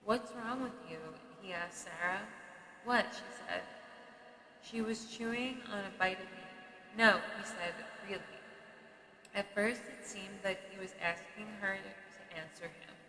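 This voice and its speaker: Bright-voiced woman reading a memoir. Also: mid-range voice, a little slow. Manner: steady reading pace with occasional stumbles and restarts. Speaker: reader. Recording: echoey room with long reverb and faint noise.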